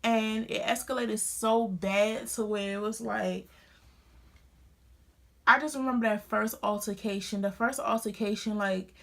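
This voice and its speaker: A woman's voice: medium pitch, vocal fry, fairly bright tone. A young woman vlogger telling a painful personal story to a phone camera in casual, earnest speech full of restarts. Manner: earnest and emotional, many restarts. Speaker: beauty vlogger. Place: home studio.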